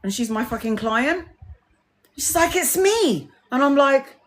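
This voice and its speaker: A woman tarot reader chatting casually on a live stream, an animated storyteller who swears freely and acts out what others said. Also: high voice, measured pace.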